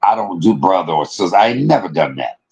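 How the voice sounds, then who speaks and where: A man's voice: low-pitched, big pitch swings, a little fast, vocal fry, a little mellow, rough recording. A man from Detroit hosting a livestream, ranting in a casual, profane way and laughing often. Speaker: livestream host.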